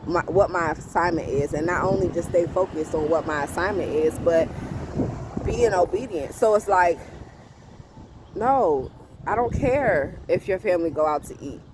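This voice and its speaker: A woman's voice: fairly low pitch, moderate pace, noisy background. A woman vlogging on a street, giving casual spiritual advice with emphatic repetition and frequent laughter. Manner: emphatic, repeats herself, laughs often. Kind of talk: casual faith talk to camera. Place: outdoors on a street.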